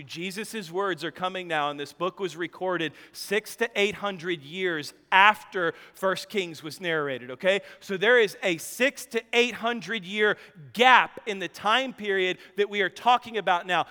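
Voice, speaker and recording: High-voiced bright male preacher, reverberant hall. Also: normal speed. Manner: dramatic storytelling with joking asides. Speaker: pastor. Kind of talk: sermon.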